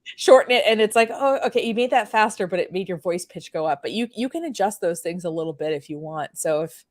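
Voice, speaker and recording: A woman's voice: fairly low pitch, expressive, fast. A woman with a French Canadian accent hosting a casual chat, rambling with many fillers. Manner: chatty, rambling, lots of fillers. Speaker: host.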